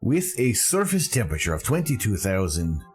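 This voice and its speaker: A man's voice: fairly low pitch, big pitch swings, moderate pace, faint music behind. A man from Canada hosting a live stream, talking casually and with enthusiasm in a rambling way, often correcting himself mid-sentence.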